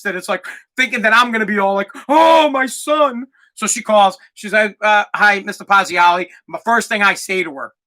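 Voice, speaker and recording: A man hosting a podcast, telling a comic story as an animated rant, swearing and acting out other people's voices. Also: sits high. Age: adult parent of a twelve-year-old. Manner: animated, acts out voices, swears, gets loud when ranting. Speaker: podcast host.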